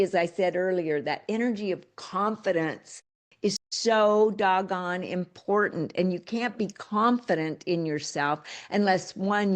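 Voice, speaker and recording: Emphatic older woman coaching, lowish voice. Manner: emphatic, folksy and direct. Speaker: real estate coach. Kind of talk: motivational talk.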